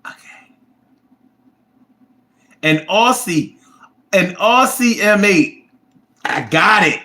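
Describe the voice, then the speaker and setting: A man hosts a casual livestream and rambles through viewer comments in a blunt, profane way. His voice sits a little high and swings widely in pitch as he talks. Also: expressive, very slow, bright, forceful tone. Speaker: livestream host reading chat.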